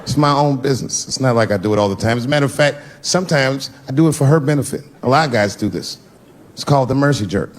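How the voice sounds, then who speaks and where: A middle-aged man on a comedy stage, spinning a story in a loose, easy way and slipping into the voices of the people he quotes. His voice sits at a medium pitch, and the recording is a noisy live stage capture. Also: fast. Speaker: stand-up comedian. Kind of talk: stand-up comedy routine. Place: comedy stage before an audience.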